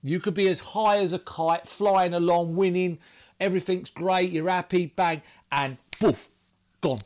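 A man, a guest in an interview, speaking haltingly with many restarts and fillers. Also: sits high, fairly even intonation, darkish tone. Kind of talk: emotional personal interview talk.

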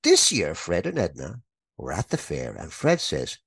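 A man's voice: sits low, unhurried, creaky, slightly rough, dry recording. A man co-hosting a comedy podcast, telling a joke with lots of laughter. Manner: animated storyteller, laughs often. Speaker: podcast co-host.

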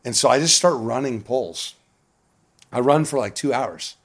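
A man being interviewed, telling stories in a casual, animated way with a lot of swearing and frequent laughter. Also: mid-range voice, normal speed. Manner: profane, animated, laughs often. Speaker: guest. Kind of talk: casual storytelling.

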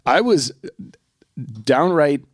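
A man's voice: on the high side, expressive, extremely slow, no room sound, studio quality. A man co-hosting a podcast, talking candidly with his wife in a reflective, self-deprecating way. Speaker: podcast co-host.

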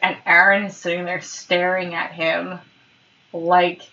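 A woman's voice: fairly low pitch, flat delivery, a little slow, sharp tone, highs cut off. A woman co-hosting a casual chat podcast, animatedly retelling scenes from a show and laughing often. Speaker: podcast co-host. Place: at home on a couch.

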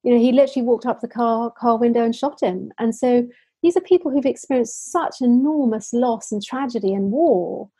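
A woman's voice: a little high, a little fast, warm tone, husky, dry recording. A woman from the United Kingdom, a social enterprise founder, answering interview questions in earnest stories full of restarts and fillers.

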